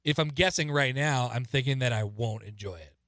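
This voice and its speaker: A man's voice: medium pitch, a little fast, a bit bright, no room sound, studio quality. A man co-hosting a podcast, chatting casually in a skeptical, contrarian way. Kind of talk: casual chat.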